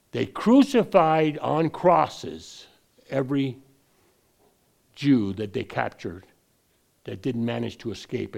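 Gravelly-voiced male preacher. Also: on the low side, warm tone. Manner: digressive, frequent restarts, rising emphasis on key points. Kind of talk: sermon.

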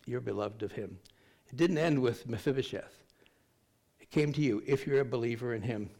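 A man's voice: mid-range voice, moderate pace, creaky, a little mellow. An older man preaching a sermon, reading scripture aloud and telling stories in a conversational way, with rambling, self-deprecating asides. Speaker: pastor.

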